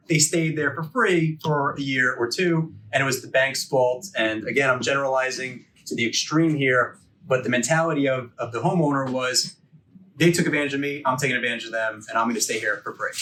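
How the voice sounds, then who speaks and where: A man's voice: fairly high pitch, a bit bright, slight background noise. A man in his forties teaching a continuing education course in a conversational lecture, firing off rhetorical questions and checking in with "okay?" and "right?". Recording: voice a bit distant from the mic.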